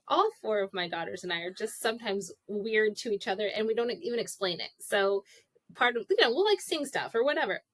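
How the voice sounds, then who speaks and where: A woman's voice: medium pitch, big pitch swings, moderate pace, a bit bright, dry recording. A woman in her forties co-hosting a podcast, telling stories in a chatty way and putting on quoted voices. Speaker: podcast co-host. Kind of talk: casual podcast chat. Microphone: podcast microphone.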